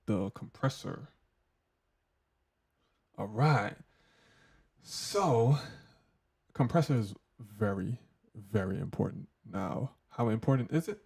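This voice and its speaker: A man with a low, gravelly voice walks through his gear settings in a loose, joking way. His tone is husky and mellow as he runs casual mic checks for a hands-on tutorial. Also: takes it slowly, pauses often. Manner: loose, joking, talks through settings while testing them. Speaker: tech tutorial host.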